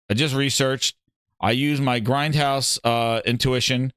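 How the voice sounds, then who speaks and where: A man hosting a gaming show, reacting to clips in an excitable, mocking rant full of laughs and swearing. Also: medium pitch, a little slow, smooth, no echo, studio quality.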